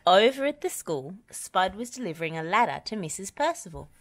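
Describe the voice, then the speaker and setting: A woman reading a children's picture book aloud in a slow, gentle way. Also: mid-range voice, sing-song. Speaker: storybook reader.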